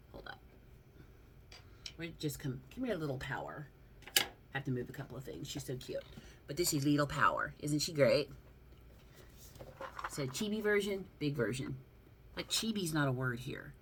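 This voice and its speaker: A woman with a Southern accent, talking casually on her vlog about her figure collection, chatty, prone to rants and quick to laugh. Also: rumbling low, slight background noise. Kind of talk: casual chat.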